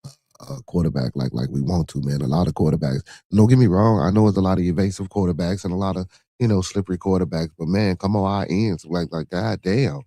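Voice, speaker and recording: A man's voice: low-pitched, quick pace, mellow, no room sound. A man hosting a podcast, rambling in casual talk with lots of fillers and blunt swearing. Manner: rambling, frequent filler phrases, blunt and profane. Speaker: podcast host. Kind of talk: casual livestream talk answering chat.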